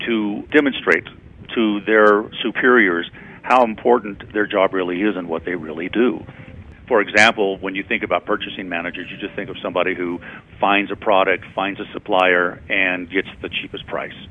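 Deep-voiced man on a tinny line. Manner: conversational storyteller, acts out quotes. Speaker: guest speaker on storytelling. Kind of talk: radio interview, anecdotal explaining. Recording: tinny phone-like radio sound.

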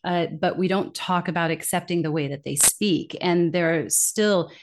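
A woman's voice: on the low side, moderate pace, slight background noise. A woman speaking as an interview guest in an earnest, reflective way, often quoting the complaints she hears. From English-speaking country. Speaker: accent bias consultant, guest. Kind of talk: conversational interview.

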